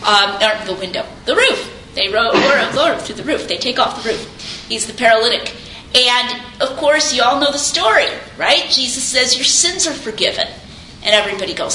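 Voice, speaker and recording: A woman's voice: a little high, normal speed. A woman giving an informal lecture on Christian apologetics, speaking conversationally and animatedly and acting out quoted speakers. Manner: conversational, animated, quotes others in little voices. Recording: echoey room, faint background noise.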